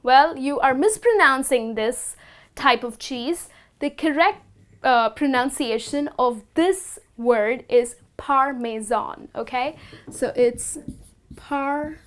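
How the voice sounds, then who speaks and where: A woman teaching the correct pronunciation of food words, speaking slowly and deliberately and repeating each word with care. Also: high voice. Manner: instructive, slow and deliberate, repeats words carefully. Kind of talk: scripted lesson to camera.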